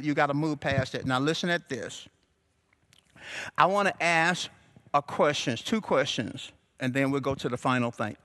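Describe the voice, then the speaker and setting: A man preaching a sermon as pastor, calling out to the congregation and building to shouts. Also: fairly high pitch. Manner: call-and-response preaching, rising to shouts. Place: church sanctuary.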